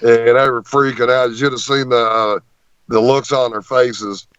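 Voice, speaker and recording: A man, a guest on an interview show, telling a long story in an animated way and often repeating words as he goes. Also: mid-range voice, moderate pace, clear, resonant tone, dry recording, highs cut off.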